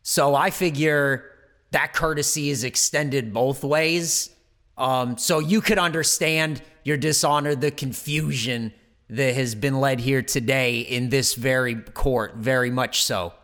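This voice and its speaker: A man playing Jason Voorhees as a slow, rambling, goofy roommate in an improvised courtroom sketch. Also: medium pitch, steady tone, a bit bright. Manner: rambling, goofy, self-justifying. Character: Jason Voorhees, dim-witted immortal slasher roommate.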